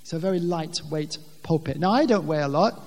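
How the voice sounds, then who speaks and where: A man with a high voice preaching a sermon in earnest, plain words. He often stumbles and restarts, then rises loudly on the scripture lines. He is recorded in a church hall with a long, ringing reverb. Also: lively intonation, brisk. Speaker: pastor.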